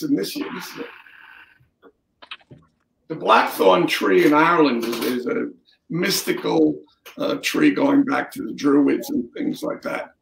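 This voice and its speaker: A man guest on a video call, explaining traditions in a measured way. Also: a little high, gravelly. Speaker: guest, regiment officer. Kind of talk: storytelling interview. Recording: echoey room, faint noise.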